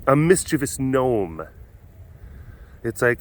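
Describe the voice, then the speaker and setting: Slow-talking man touring an animal facility. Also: on the low side, animated. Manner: chatty, laughs often, talks baby-talk to animals. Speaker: animal caretaker. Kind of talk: casual vlog walkthrough. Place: outdoor animal facility in winter.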